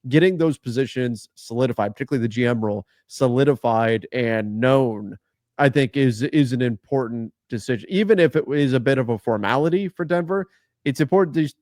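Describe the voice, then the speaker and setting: A man co-hosting a casual sports talk show, laying out his points in a measured way. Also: medium pitch, darkish tone, dry recording, studio quality. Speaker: co-host.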